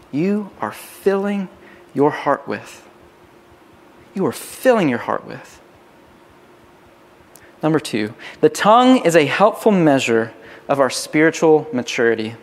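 A man preaching a sermon as a pastor, conversational and full of restarts. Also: on the high side. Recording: long hall reverb.

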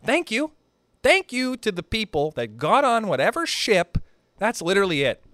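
A young man from Canada doing a rambling, profane stand-up monologue, pushing his pitch up and down for emphasis. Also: big pitch swings, moderate pace, a bit bright, dry recording, clean studio sound. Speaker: stand-up comedian.

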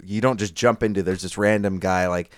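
A man's voice: deep voice, steady tone, brisk, no room sound, studio quality. A man co-hosting a casual movie review podcast, wry and teasing his partner. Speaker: podcast co-host.

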